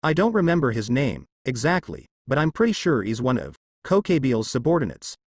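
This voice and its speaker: A man's voice: medium pitch, sing-song, brisk, husky, no echo. Guy doing a bossy fallen angel lady from a fanfic, defensive, voice bounces around a lot. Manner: commanding, defensive. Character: proud, rattled female fallen angel leader.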